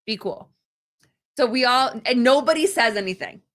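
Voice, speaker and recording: Woman podcaster telling a story all animated, bright sharp voice. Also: a little high, moderate pace. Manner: lively storyteller acting out quotes. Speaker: podcast co-host. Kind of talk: casual storytelling chat.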